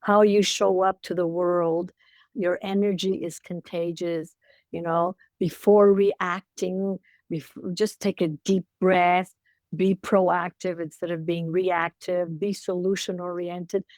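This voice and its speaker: A woman's voice: fairly low pitch, flat delivery, takes it slowly, darkish tone, no room sound. An older woman, a co-parenting coach, telling personal stories in an emotional, repetitive way as a podcast guest. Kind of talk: casual interview chat.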